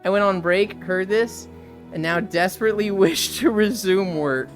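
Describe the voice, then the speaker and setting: A woman streamer chatting casually to her live audience, telling crude stories in an animated way and reading chat messages aloud. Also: medium pitch, moderate pace, soft background music.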